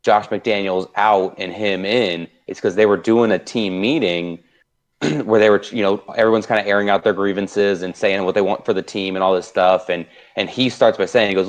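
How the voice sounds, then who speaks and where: A man's voice: on the low side, moderate pace. A man co-hosting a sports podcast, chatting casually about football picks, rambling with many fillers and restarts. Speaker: podcast co-host.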